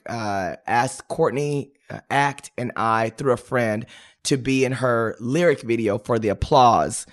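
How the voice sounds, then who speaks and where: A man in an interview, an actor and drag performer, telling animated, sassy stories and calling people honey and girl. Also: mid-range voice, unhurried.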